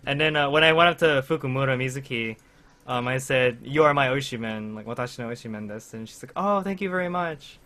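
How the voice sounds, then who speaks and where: A man's voice: medium pitch, steady tone, quick pace, bright, forceful tone. A young man casually chatting with friends on a podcast, rambling through a story with lots of fillers and laughter. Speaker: podcast co-host. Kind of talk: casual chat among friends.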